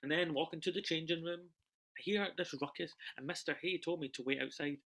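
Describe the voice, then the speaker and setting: A young man from the UK performs an autobiographical monologue over a video call. His delivery swings between loud, charged bursts and quiet, hushed lines. His voice sits fairly high and has a bright, sharp edge. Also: fairly quick. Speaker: solo performer.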